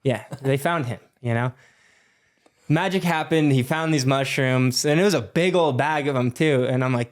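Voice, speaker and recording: A young man in his twenties, a podcast guest telling a story in a loose, animated way with lots of fillers and swearing. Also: medium pitch, moderate pace. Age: 20s. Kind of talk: casual storytelling.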